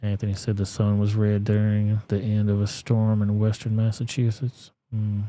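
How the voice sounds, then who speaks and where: A man's voice: fairly low pitch, completely flat delivery, moderate pace, dark tone. A man with a Southern US accent hosting casual reaction commentary, blunt and profane. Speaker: commentary channel host.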